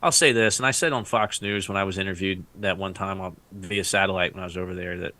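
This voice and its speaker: Bright-voiced veteran man telling war stories. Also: deep voice, fairly even intonation, fast talker. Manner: rambling, laughs often, acts out quotes. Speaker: Iraq War veteran guest. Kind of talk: casual podcast storytelling.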